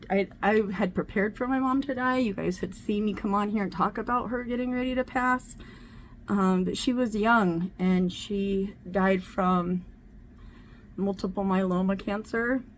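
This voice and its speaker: A woman's voice: on the low side, creaky, slight background noise. A middle-aged woman vlogging casually at home while doing her makeup, talking candidly and swearing freely. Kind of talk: casual get-ready-with-me chat.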